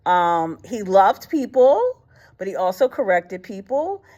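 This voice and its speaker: A woman's voice: mid-range voice, very animated, slow, darkish tone. Woman host, casual faith talk, colloquial and blunt, retells stories with acted quotes, frequent fillers.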